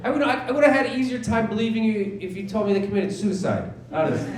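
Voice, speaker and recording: A man's voice: sits high, lively intonation, fast, few pauses, over a noisy crowd. A man in his forties doing a stand-up comedy set on a theater stage, sarcastic and incredulous, acting out dialogue in mock voices. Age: 40s. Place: small theater stage with a live audience. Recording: roomy live theater sound with audience laughter.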